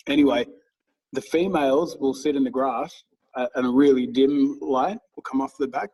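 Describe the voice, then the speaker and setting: A man's voice: mid-range voice, animated, a little slow, gravelly, mellow, distant mic, slight background noise, poor audio. A man in his thirties, co-hosting a podcast, who rambles through casual stories and swears freely. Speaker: podcast co-host. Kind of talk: casual chat.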